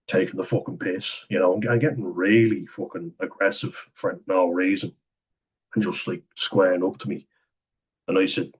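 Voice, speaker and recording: A man's voice: sits low, flat delivery, moderate pace, husky, poor audio. A young Irish man telling candid, sweary stories in a casual vlog, chuckling now and then. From Ireland. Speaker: vlogger. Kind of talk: casual storytelling monologue.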